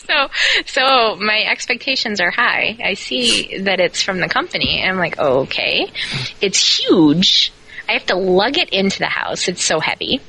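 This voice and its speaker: A woman tells a story on a podcast, and her bright voice swings widely in pitch as she acts out her own outbursts. She laughs often through a casual, chatty telling, with a faint hum of noise behind her. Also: measured pace, gravelly, low-quality recording. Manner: laughs often, animated retelling with quoted outbursts. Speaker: podcast co-host.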